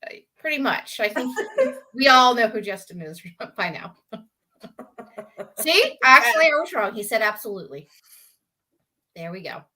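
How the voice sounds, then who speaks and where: A woman's voice: fairly high pitch, very animated, a little slow, long pauses, bright, forceful tone. A woman with a Southern US accent, co-hosting a casual live video chat, teasing and laughing often. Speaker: co-host.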